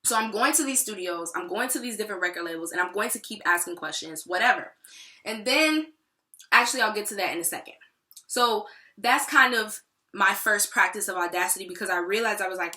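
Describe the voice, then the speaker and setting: A woman's voice: mid-range voice, a little fast, sharp tone. A woman and aspiring songwriter talking through her feelings in a candid, profane, rambling video diary. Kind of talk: personal vlog diary. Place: New York City. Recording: echoey room.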